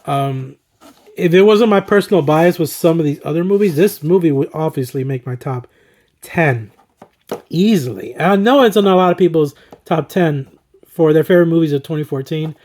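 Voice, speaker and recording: A slightly hoarse man talking enthusiastically through his favorite movies, rambling with fillers and chuckles. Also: a little high, normal speed, darkish tone. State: slightly hoarse, throat recovering. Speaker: movie collector and vlogger. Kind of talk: casual movie-ranking commentary.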